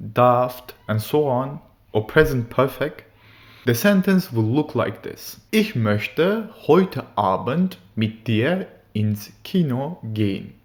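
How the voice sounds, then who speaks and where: A man teaching grammar, explaining sentence structure step by step and reading out example sentences slowly and carefully. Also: medium pitch. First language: German. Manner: slow, deliberate, reads German examples carefully. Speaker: language teacher.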